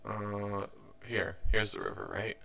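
A young man gives loose, rambling gameplay commentary as a let's play host, restarting his sentences as he goes. His voice sits fairly low but sounds bright and forward, with a mild thread of frustration running through it. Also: completely flat delivery, slow pace, gravelly, slight background noise. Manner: rambling, self-correcting, mildly frustrated.

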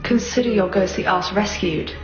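A woman's voice: medium pitch, normal speed, roomy sound, muffled recording, over music, close to an everyday voice. A woman voicing a cheeky female ghost animatronic chicken in an animation, teasing and mocking.

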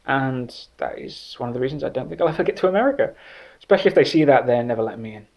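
A man's voice: medium pitch, expressive, racing, a little mellow. An English man with an English accent, a writer telling a comic story in a wry, self-deprecating way. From England.

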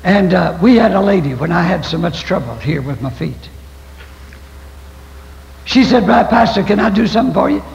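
A man's voice: sits high, lively intonation, normal speed, creaky, pauses often, darkish tone. An older man preaching a folksy, storytelling sermon as pastor. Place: church sanctuary. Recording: echoey church hall, dull lo-fi 1990s tape.

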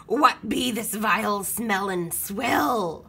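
A woman's voice: medium pitch, expressive, slow, creaky, a bit bright, husky, exaggerated voice. A woman voicing a blustering male pirate captain in a storybook reading, hollering in pirate talk. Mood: disgusted.

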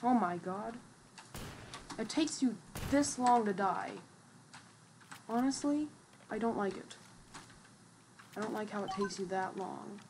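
A woman's voice: medium pitch, takes it slowly, pauses often, a little mellow, slight background noise. A woman giving casual gameplay commentary as a streamer, chatty and trash-talking, with lots of fillers. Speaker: gaming streamer.

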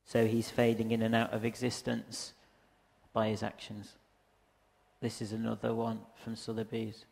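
A man talks through a casual lecture, wandering from thought to thought and stopping for ums. His low voice is gravelly and stays flat in pitch. He speaks into a microphone, and the hall adds a long reverb. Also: moderate pace. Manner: rambling, hesitant, frequent ums. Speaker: artist giving a lecture. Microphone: handheld or stand microphone.

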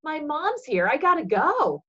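A woman's voice: high-pitched, very animated, measured pace, fairly bright tone, muffled recording, voice pushed up, full character voice. A woman doing an eager young girl. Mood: hurried. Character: friendly young girl, a school friend.

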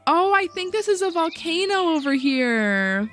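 Woman, gaming host, casual let's-play chatter, playful, higher voice, faint music behind. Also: normal speed, few pauses, fairly bright tone. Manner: playful, chatty, talks to herself while playing.

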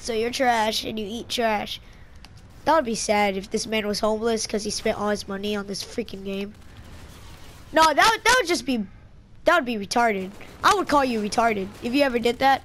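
A fairly high-voiced woman rambles through casual gameplay commentary. She is excitable and trash-talks her teammates, with sudden yelps when things go wrong. A faint hiss sits under her voice. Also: moderate pace. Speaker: gaming channel host.

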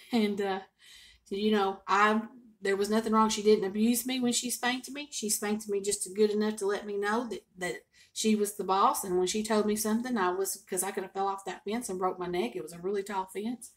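Older woman, home vlogger, folksy expressive storyteller, middle pitch. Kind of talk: casual storytelling to camera.

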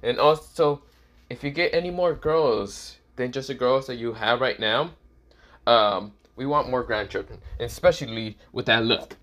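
A man's voice: mid-range voice, normal speed, fairly bright tone, lightly acted. A man voicing a flustered, doting parent fussing over a teenage son.

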